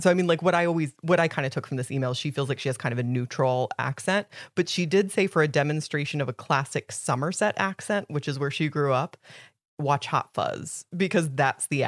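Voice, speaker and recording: A woman's voice: low voice, brisk, dry recording, clean studio sound. Laughing woman podcast co-host. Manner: laughing, enthusiastic. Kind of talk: casual chat.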